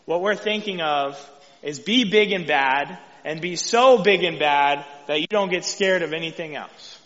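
A man's voice: fairly high pitch, unhurried, fairly bright tone. A male preacher with a Texan accent giving a casual, conversational sermon, often checking in with "right?". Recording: echoey hall, dull lo-fi sound.

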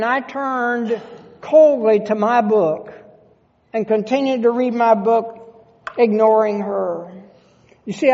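Slow, gravelly pastor preaching in a reverberant sanctuary. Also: medium pitch, darkish tone, dull audio. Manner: earnest, halting, with frequent restarts. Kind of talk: sermon. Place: church sanctuary.

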